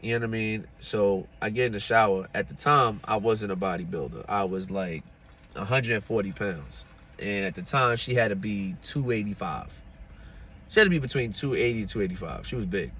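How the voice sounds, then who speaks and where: A man's voice: on the low side, animated, brisk, a bit bright, slight background noise. A man telling a personal story in a casual storytime, chatty and laughing, often checking in with "you know what I'm saying".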